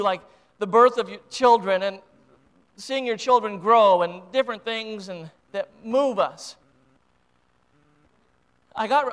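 A man's voice: high voice, a bit bright, clean tone. An American man preaching a sermon as pastor, impassioned and emotional, with frequent restarts and repeated words.

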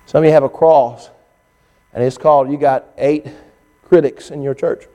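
A male pastor preaching a sermon, telling stories and acting out what others said to him, often rising to an excited, strained pitch. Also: normal speed. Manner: storytelling preacher, climbing to high excited pitch when quoting others.

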